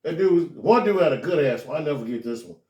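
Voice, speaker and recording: A man's voice: on the high side, fast talker, far from the mic, highs cut off. A man talking casually and telling stories, acting out the voices of the people in them. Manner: animated storyteller acting out quoted voices. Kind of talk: casual storytelling chat. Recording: echoey room, voice off-mic.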